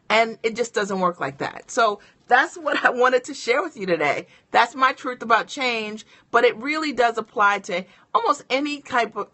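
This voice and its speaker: Bright-voiced woman coaching with energy. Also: fairly high pitch. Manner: energetic and encouraging, addresses viewers directly. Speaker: business coach. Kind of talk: motivational live-stream talk.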